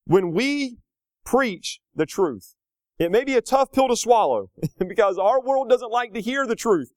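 A man in his thirties preaching a sermon, rising to loud, slow emphatic lines and dropping to quiet, casual asides. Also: lively intonation, dry recording. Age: 30s. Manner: swings between loud emphatic peaks and low conversational asides; slows down hard on key phrases.

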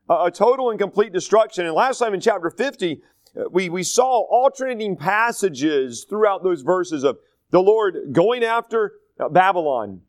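A man's voice: on the high side, dry recording. A man from North Carolina, teaching a Bible study in a conversational, digressive style full of stories. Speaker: pastor.

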